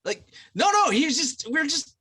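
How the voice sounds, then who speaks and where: A man's voice: very high voice, sing-song, a little fast, pushed and bright. A man, a podcast guest from the United States, telling a long rambling anecdote in casual chat, loose and full of fillers.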